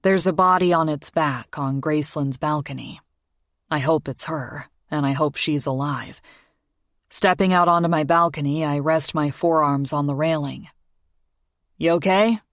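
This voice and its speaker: A woman narrating a romance audiobook in a measured, intimate first-person reading. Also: deep voice, steady tone, no echo, studio quality. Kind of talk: scripted narration.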